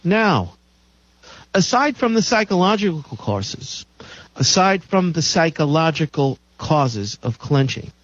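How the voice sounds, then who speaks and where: A man's voice: a little high, sing-song, slow pace, no room sound. A man hosting a health show, lecturing emphatically and repeating his key claims. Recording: dull lo-fi dry recording.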